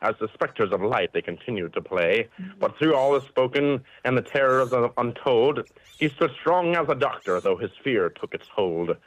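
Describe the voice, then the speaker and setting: A performer voicing a robotic machine that recites a poem in a steady rhythm. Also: medium pitch, normal speed, lightly acted, poor audio. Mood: reciting.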